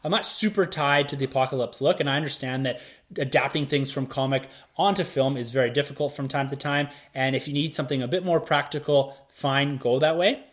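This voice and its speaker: A man hosts a podcast, steering a relaxed movie review conversation and putting questions to his co-hosts. His voice is mid-range and a bit bright, and he speaks a little fast.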